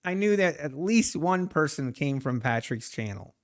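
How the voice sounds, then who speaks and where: A man's voice: a little high, expressive, normal speed. A man chatting casually on a live trading stream, rambling, laughing often and answering viewer comments. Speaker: live-streaming day trader.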